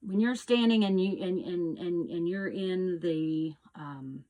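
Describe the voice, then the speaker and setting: A woman hosting her own show, earnestly teaching about energy in a casual monologue with restarts, sometimes calling out loud echoing hellos. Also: on the low side, slow pace. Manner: earnest, repetitive, with restarts and loud echo demonstrations. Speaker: host.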